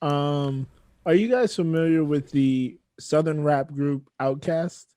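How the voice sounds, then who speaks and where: A man co-hosting a casual podcast, telling a story in a rambling way with many pauses. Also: a little high, mellow, dry recording, studio quality. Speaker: podcast co-host.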